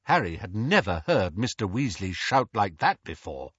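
Male audiobook narrator, slow and expressive; husky, dull lo-fi audio. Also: lowish voice, no room sound. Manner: expressive storyteller.

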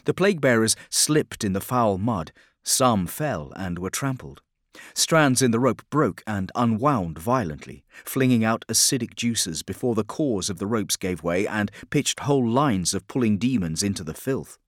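A male narrator reads a story in steady, measured tones, with a grim, even delivery. His voice sits a touch low for a man. The recording is close and dry, with no room sound. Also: no room sound. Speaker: audiobook narrator. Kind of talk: scripted narration.

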